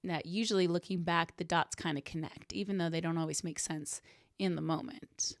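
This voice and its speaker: A woman's voice: fairly low pitch, fairly even intonation, moderate pace, no echo. Brief: young woman, podcast host, earnest reflective solo talk, dry close sound. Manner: earnest, warm, self-reflective, laughs softly.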